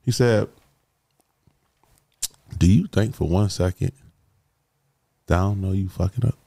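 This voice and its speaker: A man telling his life story as a guest, casual and animated, often saying "bro" as he talks. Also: deep voice, measured pace, creaky. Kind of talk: emotional personal storytelling.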